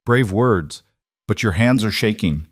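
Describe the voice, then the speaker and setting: A man's voice: lowish voice, expressive, a little slow, no room sound, studio quality. A man doing a cultured, taunting female assassin. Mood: cold.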